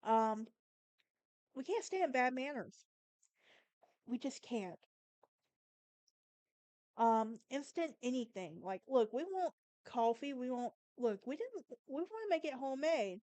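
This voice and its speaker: Southern woman with a sassy, emphatic delivery, high voice, dry close sound. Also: sing-song, slow, long pauses, darkish tone, no echo. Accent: Southern American. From Southern United States. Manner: sassy, emphatic, talks straight to the listener. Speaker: podcast host. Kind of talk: casual monologue.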